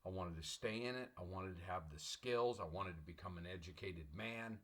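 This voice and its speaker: A middle-aged man, a college English professor, lecturing an online class in an emphatic, repetitive, motivational way and clearing his throat often. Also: deep voice, fairly quick.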